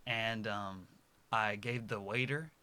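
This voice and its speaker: A man in his early twenties talking casually to his viewers, rambling and correcting himself, dropping to soft mutters and then bursting out loud. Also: on the low side, fairly even intonation, slow, smooth. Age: early 20s. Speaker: vlogger. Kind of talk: casual personal monologue to camera.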